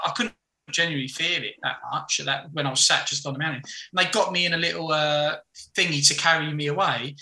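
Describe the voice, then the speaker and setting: A podcast guest tells stories in a loose, casual chat, speaking frankly and rambling, often stopping to restart his sentences. His voice sits a little high and sounds very bright, and the room around him is echoey.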